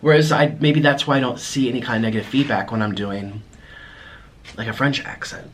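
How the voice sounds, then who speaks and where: A young American man talking casually to his viewers at home in a rambling, halting way, full of restarts. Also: medium pitch, a little hiss or hum. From United States. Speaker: mukbang vlogger. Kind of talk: casual vlog monologue to viewers.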